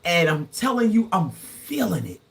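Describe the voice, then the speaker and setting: Give me a lively, playful woman in her sixties hosting a livestream. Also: lowish voice, normal speed, gravelly. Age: 60s. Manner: playful, laughing, teasing viewers. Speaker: livestream host. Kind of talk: casual livestream chat. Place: indoors, live from Grenada.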